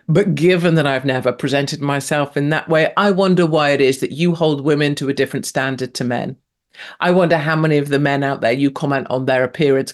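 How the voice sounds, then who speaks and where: Brash, sarcastic middle-aged Englishwoman. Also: deep voice. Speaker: host. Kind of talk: opinionated solo commentary.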